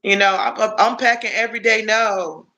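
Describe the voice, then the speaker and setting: A woman's voice: medium pitch, moderate pace, bright, forceful tone, poor audio. A woman in her fifties chatting casually on a live stream, rambling through stories with lots of restarts. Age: 50s.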